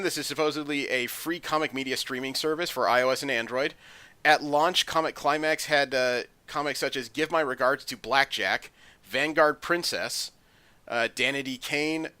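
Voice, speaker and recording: Bright-voiced man hosting comic news. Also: medium pitch, no echo. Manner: chatty, with frequent ums and uhs. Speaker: podcast host reading comic news. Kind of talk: casual chat.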